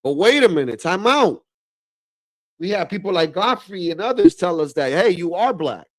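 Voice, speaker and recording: A man hosting a livestream in casual, slangy reaction commentary, calling everyone "bro" and getting animated. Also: sits high, moderate pace, no room sound, studio quality. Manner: animated, drops into mock voices of relatives. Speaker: livestream host.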